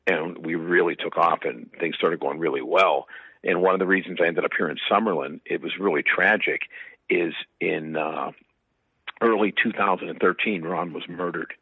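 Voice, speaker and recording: A man's voice: low voice, normal speed, creaky, breathy edge, dry recording. A man guest in an interview, chatting through long rambling anecdotes with fillers, heard on slightly muffled audio. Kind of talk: casual storytelling.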